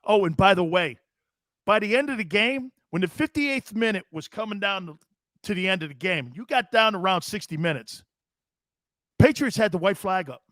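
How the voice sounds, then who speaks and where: A man's voice: high voice, expressive, moderate pace, no room sound, clean studio sound. A middle-aged man hosting a sports talk show, hollering his opinions, swearing freely and hammering the same catchphrases. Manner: loud, hollering and profane; emphatic, repeats catchphrases.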